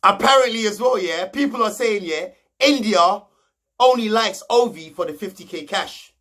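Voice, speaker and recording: A man's voice: sits high, expressive, moderate pace, fairly bright tone. A young man, recapping reality TV gossip in a slangy, mocking, rambling way. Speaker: reality show recap host.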